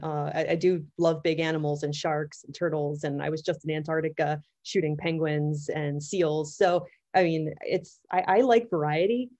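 A woman's voice: low-pitched, a little mellow, lo-fi sound. A woman in her thirties, a diver talking enthusiastically in a casual interview, with fillers and restarts. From Florida, USA. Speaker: guest, underwater cameraman and technical diver.

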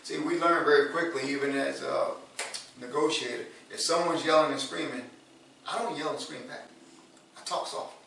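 A man preaching a sermon in a relaxed, conversational way, repeating words and rising to loud emphasis. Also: on the high side, moderate pace, vocal fry, a little hiss or hum. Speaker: pastor. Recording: echoey room from far off.

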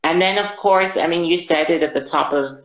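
A man telling a personal story as an interview guest, halting and reflective, often repeating his words. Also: on the high side, fairly bright tone. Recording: roomy, dull lo-fi audio.

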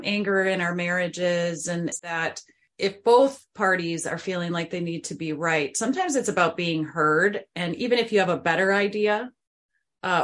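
A woman's voice: on the low side, a bit bright. A woman hosting a parenting podcast, responding to her guest and thinking aloud in casual conversation. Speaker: podcast host.

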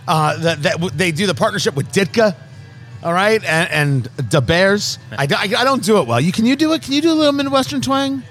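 A man from Brooklyn and New Jersey hosts a relaxed cigar review chat. He has a high-pitched voice and a brash, joking, showman-like delivery. Faint music plays behind him. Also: fairly quick. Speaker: podcast host.

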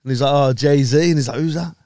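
Male podcast host, animated storyteller, crisp dry sound. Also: medium pitch, fast, dry recording. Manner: animated storytelling, swears freely, laughs often. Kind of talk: casual chat.

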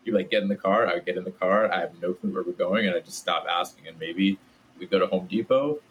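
Casting: low-voiced man, loose chatty storyteller, faint hiss behind. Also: fast talker, lo-fi sound. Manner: relaxed, many "like" fillers. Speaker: podcast guest. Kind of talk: casual storytelling.

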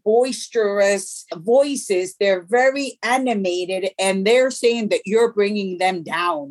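A middle-aged woman, a guest in an interview, speaking earnestly and haltingly about her grief, with many restarts. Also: on the high side. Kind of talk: emotional personal interview.

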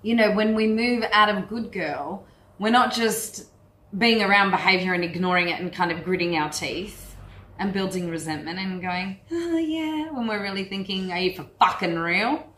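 In an echoey room, a woman with a mid-range, slightly bright voice speaks at a moderate pace. As a women's empowerment coach, she addresses a workshop group with animated, earthy frankness and plenty of swearing.

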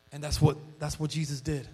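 Preaching in a conversational, storytelling style, this male pastor restarts often and gets more excited as he acts out quotes. His voice runs on the high side with a breathy edge.

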